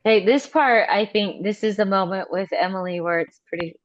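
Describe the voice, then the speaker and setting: A woman's voice: medium pitch, moderate pace, muffled recording. A woman reacting with amusement while watching an episode on a commentary track. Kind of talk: casual commentary chat.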